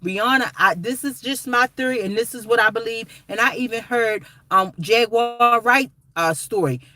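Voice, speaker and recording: A woman's voice: fairly high pitch, normal speed, sharp tone. A woman vlogger talking straight to her viewers in casual commentary, emphatic and rambling, calling them guys and y'all. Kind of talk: casual direct-to-camera commentary.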